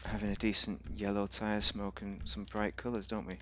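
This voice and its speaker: A man's voice: lowish voice, completely flat delivery, normal speed, bright, forceful tone, slight background noise. A man giving rambling, casual commentary on a game, thinking aloud with fillers and restarts. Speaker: game reviewer.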